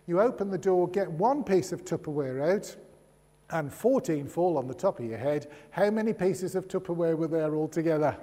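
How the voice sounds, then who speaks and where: A man's voice: a little high, dark tone. A man giving a sermon in a chatty way, with humorous asides and rhetorical questions. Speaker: preacher. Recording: long reverb of a large hall.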